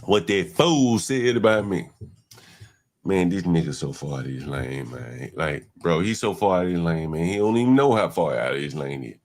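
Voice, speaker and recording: A man's voice: deep voice, animated, normal speed. A man hosting a livestream, giving blunt, slangy reaction commentary and talking back at clips. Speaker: livestream host.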